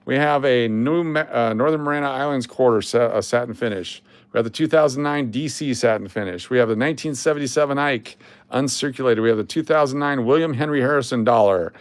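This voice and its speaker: Guy running a coin livestream, sarcastic and blunt, middle pitch, dry sound. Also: fast, no room sound. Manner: blunt, sarcastic, swears casually. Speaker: livestream host. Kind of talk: casual livestream chat.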